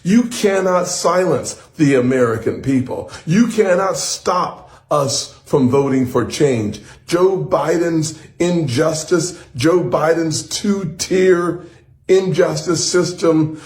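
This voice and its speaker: A man delivers an indignant political statement, slowly and emphatically, with his voice somewhat high. The room adds a noticeable echo. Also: a little mellow. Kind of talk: political speech. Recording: echoey room.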